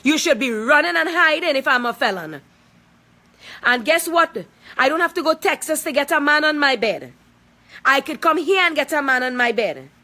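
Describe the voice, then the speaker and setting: A woman in her forties records a heated personal video, talking in a high, sharp, bright voice. She is confrontational and emphatic, driving each point home by repeating it. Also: expressive, moderate pace. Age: 40s. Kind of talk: angry personal video statement.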